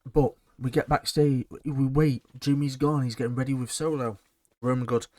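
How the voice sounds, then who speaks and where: A man's voice: mid-range voice, fairly even intonation, normal speed, a little mellow, no echo, clean studio sound. A man giving a blunt, sarcastic and rambling casual recap of a wrestling show.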